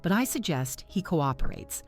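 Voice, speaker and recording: A woman's voice: lowish voice, very animated, normal speed, a little mellow, faint music behind. A woman voicing a stern female police detective with a steely, commanding manner.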